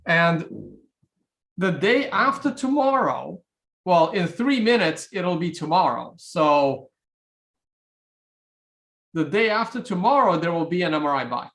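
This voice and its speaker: A man from Russia hosts a livestream, fielding viewer questions in a wry, offhand way while thinking aloud. His high, fairly bright voice is very animated, slightly slow, with long pauses.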